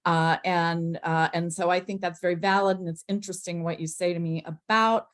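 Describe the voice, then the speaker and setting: A woman moderating a casual online panel discussion, easygoing and relaxed. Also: fairly low pitch, moderate pace.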